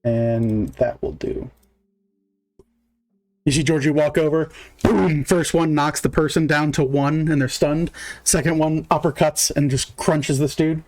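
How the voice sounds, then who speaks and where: A man's voice: a little high, steady tone, unhurried, a little mellow. A man narrating as game master in a casual, filler-heavy way, counting moves aloud.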